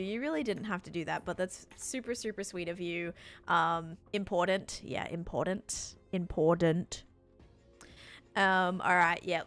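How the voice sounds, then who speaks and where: A woman's voice: mid-range voice, a bit bright. A young Australian woman chatting casually on a game stream, reading out chat and thanking supporters.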